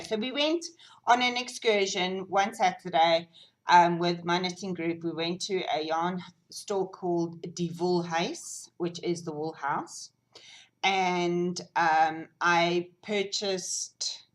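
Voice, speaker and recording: A South African woman hosting a knitting podcast, chatting casually and gushing excitedly over gifts and yarn, sometimes dropping to a whisper. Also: lowish voice, rough recording. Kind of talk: casual unboxing chat.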